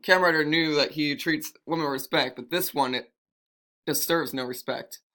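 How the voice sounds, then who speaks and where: A man's voice: fairly high pitch, normal speed, pushed and bright. A man telling an improvised fantasy story in a rambling way, often correcting himself as he goes.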